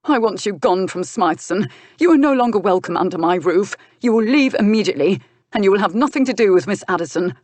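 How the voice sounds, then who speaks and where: A jealous young nobleman bursts out in raised, shouting lines, his voice pitched well above the reader's own and pressed hard. A woman reads him in an audiobook. The sound is close and dry. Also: lively intonation, normal speed, no echo, lightly acted. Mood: angry. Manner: shouting, sneering outbursts. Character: young hot-headed duke, jealous and furious. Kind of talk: audiobook character voice.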